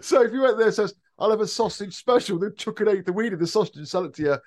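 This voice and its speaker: A man's voice: sits high, quick pace, a little hiss or hum. An English electrician in his thirties, co-hosting a casual podcast and telling funny stories with swearing and laughter. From England. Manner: lively storyteller, swears, laughs often.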